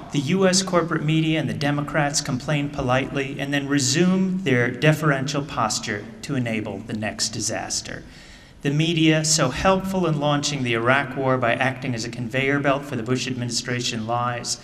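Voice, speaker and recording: A middle-aged man, an author speaking at a book event, reading aloud in measured tones and then telling a casual story full of fillers. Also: mid-range voice, a bit bright, a little hiss or hum. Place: theater stage. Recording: distant mic in a reverberant theater hall.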